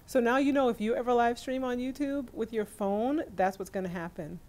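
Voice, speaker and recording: A woman's voice: fairly high pitch, fairly quick, a little mellow. A woman in her forties from New York hosts a casual livestream from her phone at home, chatting, laughing often and greeting viewers by name. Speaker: livestream host.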